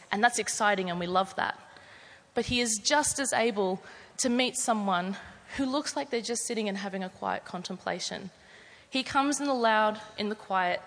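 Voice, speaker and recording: A woman's voice: medium pitch, a bit bright, big-room sound. A woman preaching a sermon in a conversational, earnest storytelling manner.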